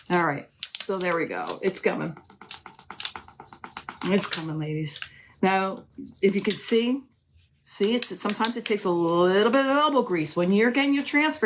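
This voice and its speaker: A woman's voice: mid-range voice, lively intonation, normal speed, long pauses, slight background noise. A middle-aged woman hosting a live crafting demonstration, chatty and gushing, often calling her viewers "ladies". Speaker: crafting live-stream host.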